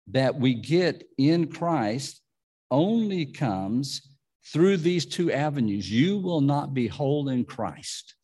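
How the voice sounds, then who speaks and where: A man's voice: mid-range voice, mellow. A man preaching a conversational sermon, with asides and frequent restarts. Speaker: pastor.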